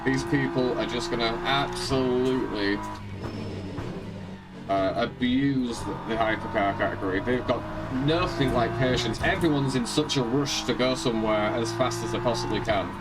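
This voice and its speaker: A man casually live-streaming a sim race. He chats and rambles, greets viewers by name and thinks out loud about his car setup. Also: medium pitch, moderate pace. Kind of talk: casual live-stream chat while racing. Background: loud music.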